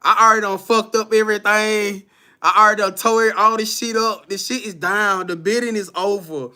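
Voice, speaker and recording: A man talks casually to his live-stream audience, answering their comments one by one. His voice sits high and sounds bright and forceful. He is loose and profane, and he often laughs as he reacts. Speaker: livestream host reading viewer comments.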